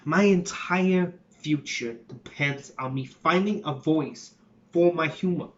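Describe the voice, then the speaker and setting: A man playing a shy, nervous young comedy writer in a monologue, with a New York accent and halting delivery. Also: a little high, lo-fi sound. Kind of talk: acting a monologue.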